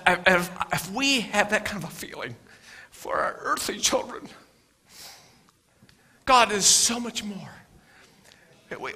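This high-pitched middle-aged man preaches as a pastor, weaving stories into his sermon. His tone is earnest, with frequent repetition and quiet asides.

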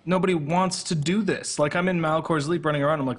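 A man hosts a casual podcast over a voice call, picked up by a computer mic, rambling hesitantly and swearing offhandedly. His voice is on the high side and steady, moving at a quick pace with few pauses.

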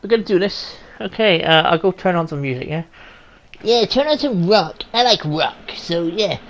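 A woman's voice: fairly low pitch, animated, normal speed. A woman giving sweary, rowdy commentary while playing a video game. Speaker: gaming let's-player. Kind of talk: casual gameplay commentary.

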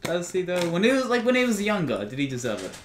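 Lively teen boy in an echoey room. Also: sits high, fast talker. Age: teens. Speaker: podcast co-host. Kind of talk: casual chat. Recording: echoey room with audible noise.

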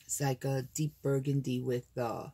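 Low, husky older woman gushing softly. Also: level tone, normal speed. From United States. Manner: gushing, gasping with delight. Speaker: crafting channel host. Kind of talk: casual unboxing chat.

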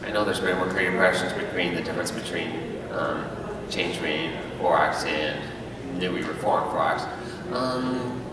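A man from the audience asking a question at a convention panel, halting with fillers. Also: sits low, very noisy. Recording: echoey hall from far off.

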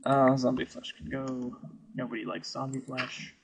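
A man's voice: mid-range voice, flat delivery, normal speed, gravelly, slightly rough, rough recording. A man giving wry, musing commentary over a video game he is playing. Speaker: let's play host. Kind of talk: gameplay commentary.

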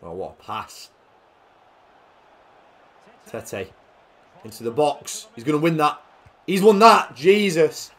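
Young man, fairly high-pitched, jokey football game commentary with loud bursts. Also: takes it slowly, pauses often. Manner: jokey, swings between quiet play-by-play and loud excited outbursts. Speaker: gaming commentator.

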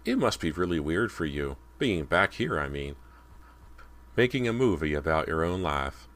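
A man voicing a warm, outgoing teenage boy actor who talks with easy, gentle concern. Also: a bass voice, very animated, moderate pace, heavily acted.

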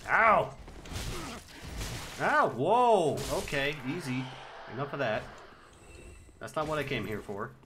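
A man streaming a video game live, excitably yelling at enemies and thanking his viewers. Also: medium pitch, normal speed, pauses often, a little hiss or hum. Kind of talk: live gameplay stream commentary.

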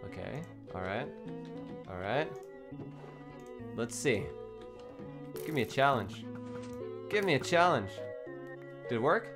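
A young man streaming a game in a casual, giggly way, thinking aloud and chatting excitedly with his viewers. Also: mid-range voice, slow, long pauses. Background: faint background music.

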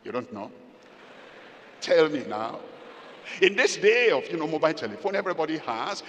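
Preaching to his congregation, an older pastor with a fairly high, slightly bright voice swings widely in pitch, speaks at normal speed, and pauses often. He asks rhetorical questions and stages short quoted exchanges between spouses. A large hall's long echo and a little hiss or hum are audible.

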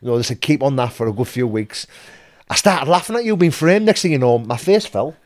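Young northern english lad, talks fast, laughing through his story, lots of swearing. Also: mid-range voice. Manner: swearing, laughing, repeating words, animated retelling. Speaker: guest. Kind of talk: casual storytelling.

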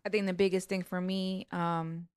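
A woman's voice: fairly low pitch, flat delivery, normal speed, a little mellow, smooth, no echo, studio quality. A woman co-hosting a podcast with her husband, speaking earnestly and personally, with rising emphasis. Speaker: podcast co-host. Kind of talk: casual conversational podcast.

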